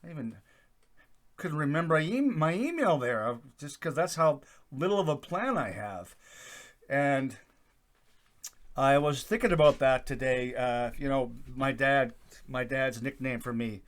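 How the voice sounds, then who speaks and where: A middle-aged man hosting his own video channel, talking in a casual, rambling way with plenty of "uh" fillers and a loud, projecting voice. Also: medium pitch, expressive, unhurried. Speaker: YouTube channel host. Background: accordion folk music playing faintly.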